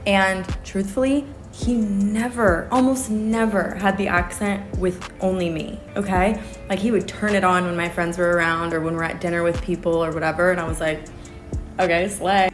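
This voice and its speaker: A woman's voice: lowish voice, flat delivery, moderate pace, few pauses, faint music behind. An American woman telling a personal story in casual chat, candid and wry, with many filler words. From United States. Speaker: storyteller on a podcast.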